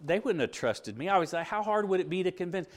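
Middle-aged guy preaching a bible lesson, slightly high voice, swings up and down a lot, acts out little quotes. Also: quick pace. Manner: animated, acts out quoted voices, asks rhetorical questions. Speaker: preacher teaching a Bible class. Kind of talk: sermon-style Bible lesson.

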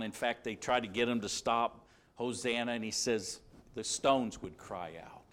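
Male preacher mid-sermon, emphatic, repeats lines, dramatizes quotes. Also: medium pitch. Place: church service.

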